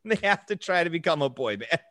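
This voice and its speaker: A man co-hosting a comedy podcast, riffing in excitable, profane banter. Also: fairly high pitch, quick pace. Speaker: podcast co-host.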